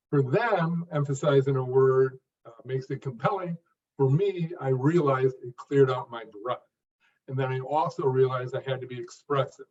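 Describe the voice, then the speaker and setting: A man answering interview questions in a measured, earnest way, speaking phrase by phrase with pauses. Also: medium pitch, darkish tone. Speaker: guest, stuttering coach. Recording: distant, dull lo-fi audio.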